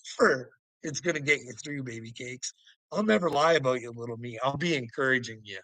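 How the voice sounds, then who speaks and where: Bright-voiced man, swearing and ranting, laughs a lot, very dry close sound. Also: medium pitch, a little fast, no room sound, rough recording. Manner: profane, heated, laughing between lines. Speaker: vlogger. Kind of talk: ranting monologue to camera.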